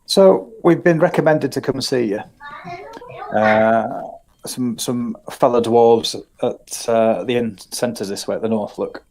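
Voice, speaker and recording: A woman's voice: very deep voice, unhurried, mellow. A woman playing in a tabletop game, speaking politely and a bit hesitantly. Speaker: player.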